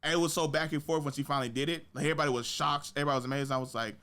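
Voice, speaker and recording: A man's voice: racing, clear, resonant tone. A young man hosting a podcast, telling stories in casual chat with slang and profanity. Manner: animated storytelling with big pitch jumps in quoted reactions. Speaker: podcast host.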